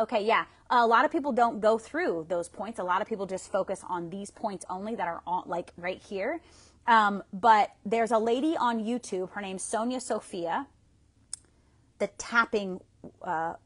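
A woman talks to her viewers through a phone during a livestream, coaching them in tapping. She is chatty and affectionate, often restarting her sentences. Her voice sits at an ordinary middle pitch.

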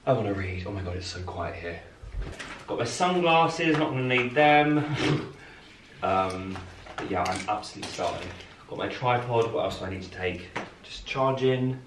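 A young man in a hotel room talking to camera in a casual travel vlog, gushing and excitable with lots of exclamations. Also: mid-range voice, normal speed, background noise. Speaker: travel vlogger. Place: seaside hotel room, indoors.

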